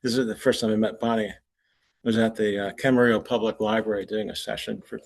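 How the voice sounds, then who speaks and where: Talking fast in a lowish, creaky voice with a level tone, a man presents an anecdotal lecture at a forum. He tells his stories in a loose, conversational way, restarting now and then and chuckling at his punchlines.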